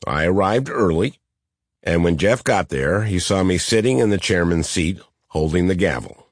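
A middle-aged man with a nasal Midwestern twang reading his own memoir as an audiobook, with dry, deadpan wit. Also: low-pitched, moderate pace, dry recording. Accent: Midwestern American.

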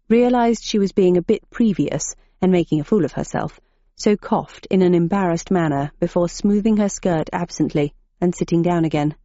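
Low, mellow woman narrating a story. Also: moderate pace, no room sound. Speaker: audiobook narrator. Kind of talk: scripted narration. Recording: dull muffled audiobook recording.

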